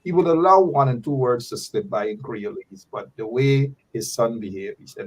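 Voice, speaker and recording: A man's voice: mid-range voice, normal speed, slightly rough, far from the mic, rough recording. A man hosting a talk show, telling stories in a playful, chatty way. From Guyana. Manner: storytelling, playful. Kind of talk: casual talk show chat.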